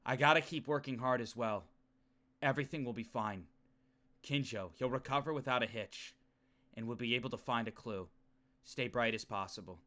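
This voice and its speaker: A man's voice: medium pitch, normal speed, sharp tone, voice pushed down, natural voice. A man voicing an earnest, anxious teenage boy protagonist, reading game dialogue aloud as a subdued, self-reproaching inner monologue. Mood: brooding.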